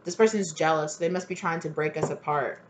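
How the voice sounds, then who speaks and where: Low-voiced woman doing a casual tarot reading. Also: quick pace, a little hiss or hum. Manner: chatty, blunt, full of fillers. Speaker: tarot reader.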